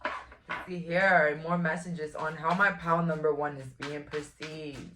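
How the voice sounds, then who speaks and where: A woman's voice: low voice, steady tone, unhurried, noisy background. A woman, giving a casual, frank tarot reading to camera in a chatty, blunt way. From Brooklyn, New York. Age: 20s. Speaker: tarot reader.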